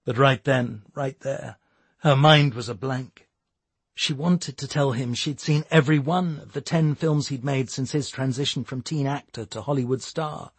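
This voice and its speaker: A man narrating a novel in a measured storytelling voice. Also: medium pitch, slightly rough, no room sound. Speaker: audiobook narrator. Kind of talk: scripted narration.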